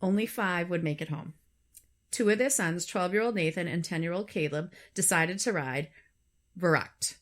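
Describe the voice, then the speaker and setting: A woman's voice: lowish voice, moderate pace. A woman co-hosting a podcast, casually telling a true story with frequent fillers and restarts. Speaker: podcast co-host.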